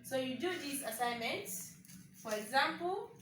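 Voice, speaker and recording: Woman, language teacher, slow deliberate pace, far from mic in an echoey room. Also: sits high, expressive, fairly bright tone, slight background noise. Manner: slow and repetitive, checks in with "okay?". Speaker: French teacher. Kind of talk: online language lesson.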